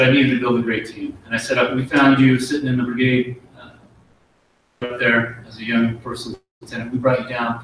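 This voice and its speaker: A middle-aged man, an army officer, giving an earnest promotion speech and telling a folksy story with pauses and restarts. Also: medium pitch, fairly bright tone, far from the mic, a little hiss or hum. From United States. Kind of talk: ceremony speech with war story. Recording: very echoey hall, voice from afar.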